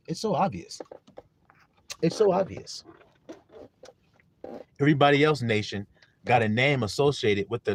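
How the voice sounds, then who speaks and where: Male livestream preacher, emphatic, animated pitch, dry close recording. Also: no echo. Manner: emphatic, repeats questions to listeners; greets viewers in chat. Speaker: preacher on a live stream. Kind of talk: livestream sermon.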